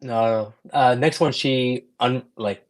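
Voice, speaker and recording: A man co-hosts a laid-back horror film podcast, reviewing movies in a slow, mid-range voice with fairly even intonation. He sounds hesitant, using lots of fillers and restarting often.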